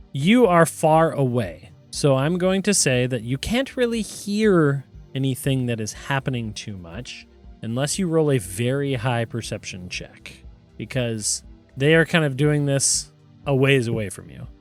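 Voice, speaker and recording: A man narrating as game master of a tabletop game in a relaxed, chatty way with fillers. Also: mid-range voice, unhurried, faint music behind.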